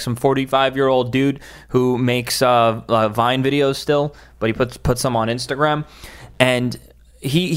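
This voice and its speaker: Guy going off on a heated rant, fast and emphatic, keeps restarting, middle pitch. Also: a bit bright. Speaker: social media influencer hosting a stream.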